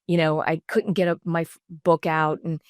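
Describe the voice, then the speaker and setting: A middle-aged designer and entrepreneur, appearing as a podcast guest, tells personal stories candidly and with animation in a low voice at a moderate pace. She shifts into other voices whenever she quotes someone, and the studio-quality sound has no echo.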